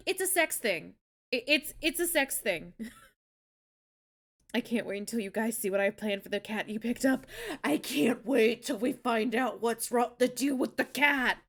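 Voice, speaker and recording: Casting: high, bright-voiced woman streamer, casual and blunt, swears freely. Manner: blunt, swears, laughs often. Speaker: streamer host. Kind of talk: casual live-stream chat.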